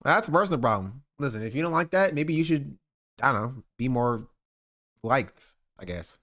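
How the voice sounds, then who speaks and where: A man's voice: mid-range voice, lively intonation, normal speed, a bit bright. A male streamer reacting to a video in loose, casual commentary. He fills his talk with hesitations and breaks into mocking laughter. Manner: laughing, filler-heavy, mocking.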